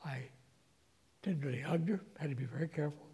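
A man's voice: a little high, a little fast, slight background noise. Emotional man preaching in a reverberant hall. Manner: emotional, swings from hushed to loud. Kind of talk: sermon storytelling.

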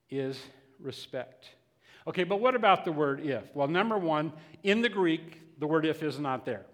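A man's voice: on the high side, lively intonation, normal speed, in a large hall. A man preaching a sermon in a conversational way, often restarting and repeating words.

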